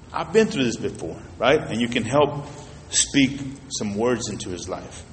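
A male pastor delivers a laid-back, storytelling sermon with a fairly high voice for a man. He speaks colloquially and straight to the people in front of him. The sound carries a long reverb, as in a large church sanctuary. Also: a bit bright, a little hiss or hum. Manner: colloquial, storytelling, addresses the congregation directly. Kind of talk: conversational sermon. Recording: echoey reverberant hall.

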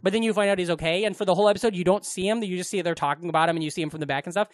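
A man's voice: sits high, rapid-fire, no echo. A man co-hosting a podcast in casual chat, rambling and swearing freely. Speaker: podcast co-host.

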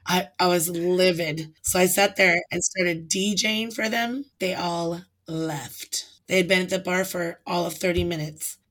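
A woman guest on a podcast, a karaoke host telling a story in a casual, animated way and acting out what people said. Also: fairly low pitch, unhurried, few pauses. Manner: animated storyteller acting out quotes, laughs often.

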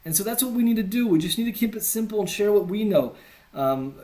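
A man's voice: high-pitched, animated, quick pace, mellow. A man from the United States giving a conversational teaching talk, earnest with self-deprecating asides. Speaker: teacher on evangelism.

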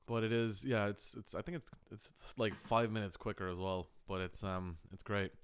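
Guy, podcast co-host, smooth clear voice, lively yarn-spinner who swears a lot. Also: fairly low pitch, normal speed. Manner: animated storyteller, swears freely, many restarts. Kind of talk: casual chat.

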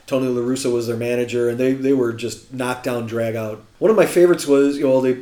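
Animated male storyteller, casual and laughing, in an echoey room. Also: medium pitch, fast. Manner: animated, laughing anecdotes with many restarts. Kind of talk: casual baseball chat.

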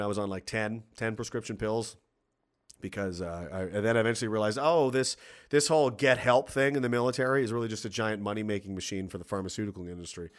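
A man hosts a casual livestream and reads viewer messages at a desk microphone. His pitch jumps around a lot, and his tone is bright and sharp. He swears freely and breaks into laughter often. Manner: profane, animated, laughs often, reads chat aloud.

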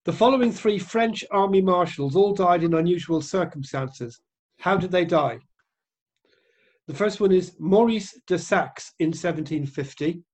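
A man's voice: sits high, measured pace, a little mellow. A man reading out quiz questions to friends in a dry, mock-serious way. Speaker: quiz master.

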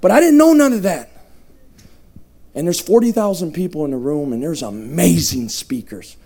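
A man in his thirties giving an emphatic, humorous testimony sermon, shouting at the high points. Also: expressive, moderate pace. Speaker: evangelist. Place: revival tent.

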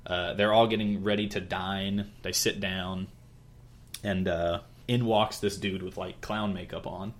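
A man's voice: deep voice, fairly even intonation, measured pace, slight background noise. A young man hosting a podcast, casually retelling a story with lots of fillers and rambling asides. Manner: rambling, many fillers, brief quoted character voices. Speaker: podcast host. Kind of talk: casual chat retelling an anime plot.

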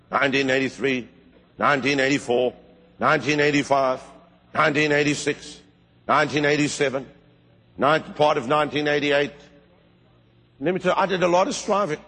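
Brief: middle-aged man, fiery storytelling preacher, husky, reverberant hall. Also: a bit bright. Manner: fervent storytelling with sudden high bursts. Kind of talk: sermon.

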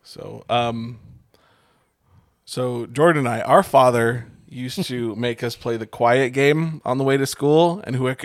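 A man's voice: medium pitch, unhurried, no room sound, clean studio sound. A young man co-hosting a podcast, telling stories in a laid-back way, swearing freely and laughing often. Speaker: podcast co-host. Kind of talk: casual chat.

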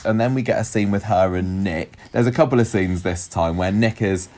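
A man's voice: on the low side, normal speed, darkish tone. A man in casual chat, recapping a soap episode with quoted lines and restarts. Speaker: podcast co-host recapping a soap.

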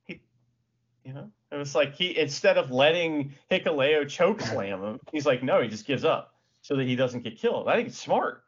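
A man's voice: medium pitch, lively intonation, moderate pace, husky. A man co-hosting a podcast, chatting casually and animatedly about wrestling, laughing often and swearing. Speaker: podcast co-host. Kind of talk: casual wrestling recap chat. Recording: dull lo-fi audio.

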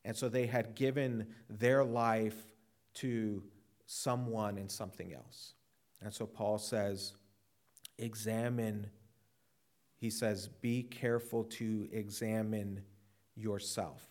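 A man's voice: lowish voice, steady tone, slow pace, a little mellow. A man preaching a sermon in an earnest, sober way, often repeating words as he presses a point. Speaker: pastor.

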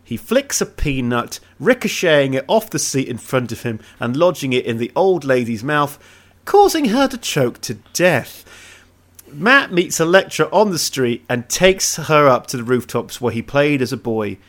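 A man's voice: medium pitch, very animated, moderate pace. A man co-hosting a casual podcast, reading plot summaries aloud and breaking off for jokey asides. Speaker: podcast co-host. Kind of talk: casual movie recap chat.

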